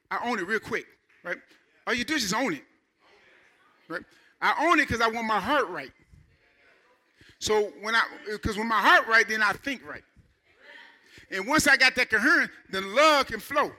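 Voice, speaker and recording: Middle-aged male pastor, chatty preaching that climbs to shouts, high tense tone. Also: normal speed, pauses often. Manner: animated, conversational preaching with rising shouts. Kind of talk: sermon.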